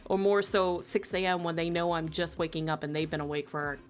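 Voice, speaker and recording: A woman from New Jersey chats casually and briskly with live stream viewers, playful and teasing. She laughs often and her pitch swoops high when she gets excited, with soft music in the background.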